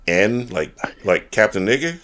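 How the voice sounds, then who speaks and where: A man hosting a casual podcast chat, loud and jokey, cursing often. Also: on the low side, sing-song, measured pace, crowd noise. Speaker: podcast host.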